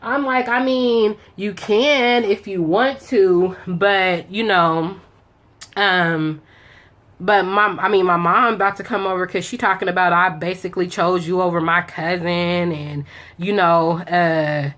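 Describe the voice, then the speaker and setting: A woman's voice: on the low side, fairly even intonation, measured pace, a bit bright. A young woman chatting casually as she tells a story while doing her makeup, acting out both sides of the conversation with slang. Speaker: beauty vlogger telling a story.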